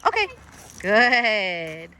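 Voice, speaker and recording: A woman's voice: mid-range voice, sing-song, extremely slow, bright, forceful tone. A woman dog trainer coaching a trainee in an encouraging, instructive way.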